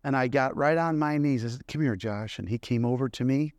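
A man's voice: medium pitch, steady tone, fairly quick, no room sound. A middle-aged man preaching a sermon, telling personal stories in a conversational way and asking the congregation questions.

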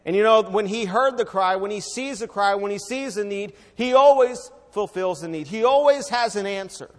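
During an evening service, a high-voiced man preaches fervently at normal speed, driving his points home loudly before sinking into a hushed, quiet tone. The church hall gives his voice a long, ringing reverb.

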